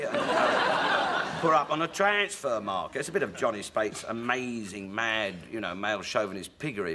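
Bright-voiced English storyteller man. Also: medium pitch, slight background noise. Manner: lively raconteur slipping into character voices. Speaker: talk show guest, comic actor. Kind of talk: anecdotal chat show storytelling.

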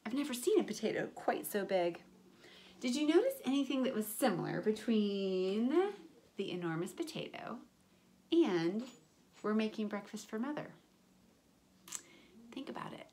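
A woman teacher reading a picture book aloud to children, animated, with character voices and sound effects. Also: medium pitch, normal speed.

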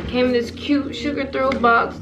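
Loud slangy young woman, laughing. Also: high-pitched, little pitch movement, moderate pace, highs cut off, music in the background. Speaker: vlogger. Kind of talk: casual chaotic vlog banter.

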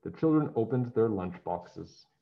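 Slow, animated man reading a storybook. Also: lowish voice, vocal fry. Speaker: storybook reader. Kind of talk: children's story read-aloud. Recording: dull lo-fi sound.

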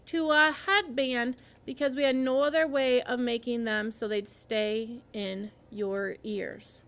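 A man's voice: very high voice, fairly even intonation, slow, fairly bright tone, smooth, full character voice. A woman voicing a friendly, joking male ear doctor who reassures a young patient. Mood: reassuring. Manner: easygoing, reassuring.

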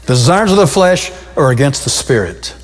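A male pastor preaching a sermon, his voice leaping up and dropping low with sudden changes of pace. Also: sing-song, moderate pace. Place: church sanctuary. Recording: long reverb of a church hall.

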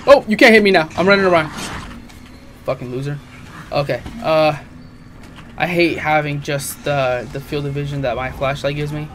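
A man's voice: fairly high pitch, normal speed, long pauses, fairly bright tone, slight background noise. Crude, jokey young man playing a horror game. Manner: jokey, crude, reactive, swears a lot. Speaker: gaming channel host. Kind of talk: casual let's play commentary.

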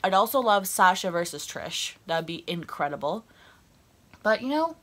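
A woman's voice: lowish voice, lively intonation, normal speed, a bit bright. Blunt, swearing woman ranting on a vlog. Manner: blunt, swears freely, heated. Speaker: wrestling fan vlogger. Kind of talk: casual vlog rant.

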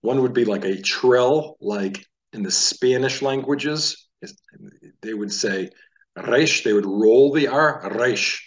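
A man from the United States teaching a casual Hebrew lesson, talking in a relaxed, conversational way and sounding out letters aloud. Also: fairly low pitch, far from the mic, highs cut off.

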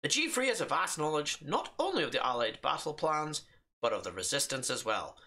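A hammy French resistance liaison woman, as a man reads her lines aloud in a put-on accent. The fake French accent is broad and jokey. The voice is bright and a little husky. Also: on the high side, big pitch swings, fairly quick, full character voice. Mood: mock-serious. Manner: reading game text aloud in exaggerated fake French accent.

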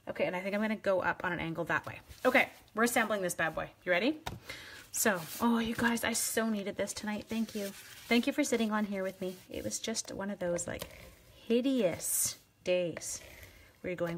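A woman's voice: mid-range voice, a little fast, fairly bright tone, a little hiss or hum. A woman hosting a live craft demonstration, chatting playfully with viewers and teasing herself as she works. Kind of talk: casual live craft demo.

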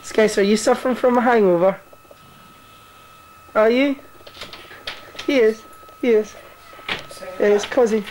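A young man films his barrack mates indoors in an army barracks block on a handheld camcorder, narrating crude, teasing, sweary home-video banter. His voice sits high and a little mellow, unhurried with long pauses, and the low-quality camcorder-mic recording has some hiss or hum.

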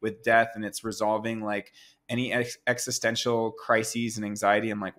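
A man in his thirties, a guest artist telling stories in a relaxed, rambling way, full of fillers. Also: lowish voice, moderate pace. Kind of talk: casual storytelling interview.

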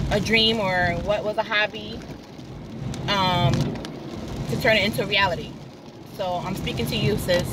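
Young woman vlogger, casual and emotional, phone mic somewhat distant, noisy rainy street. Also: medium pitch. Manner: frustrated, venting and encouraging viewers directly. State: unwell, emotional. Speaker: vlogger, single mom. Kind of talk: casual vlog monologue. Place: outdoors by a car in the rain. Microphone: phone held while recording.

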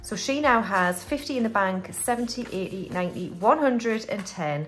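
A woman's voice: mid-range voice, animated, normal speed, a bit bright, faint music behind. A woman from the UK hosting a budgeting video, chatting casually as she counts money aloud and talks herself through each step. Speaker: budgeting channel host. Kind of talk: casual cash-stuffing commentary.

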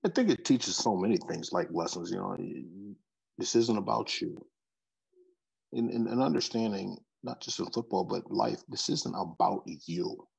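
A man's voice: low-pitched, a little slow, vocal fry, a little mellow, breathy edge, low-quality recording. A middle-aged man, a football coach, telling stories in an interview, often repeating words as he starts a sentence. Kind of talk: interview storytelling.

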